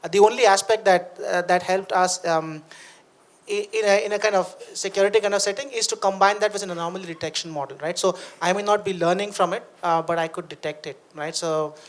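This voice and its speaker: A man speaks quickly at a panel discussion. His talk is conversational, and he keeps checking in with the audience as he explains. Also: high-pitched, steady tone. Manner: fast, conversational, tags points with "right?".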